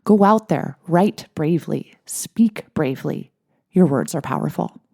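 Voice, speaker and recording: A woman in her forties, a life coach and therapist, speaking in a gentle, encouraging podcast monologue. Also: sits low, moderate pace, creaky, breathy edge. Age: 40s. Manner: gentle, encouraging, with light laughs.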